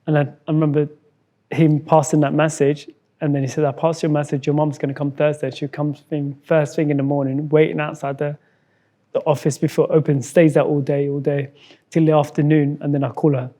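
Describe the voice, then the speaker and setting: Somali-born guy telling his life story, warm dark tone, keeps restarting his words. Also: fairly high pitch, little pitch movement. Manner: halting, repeats words, acts out quoted dialogue. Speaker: interview guest. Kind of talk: emotional personal storytelling.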